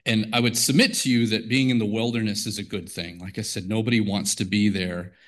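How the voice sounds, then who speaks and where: A man's voice: fairly low pitch, fairly even intonation, fairly quick, a bit bright. A man giving an informal devotional talk to teachers, wordy and conversational, often restarting his sentences. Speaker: devotional speaker.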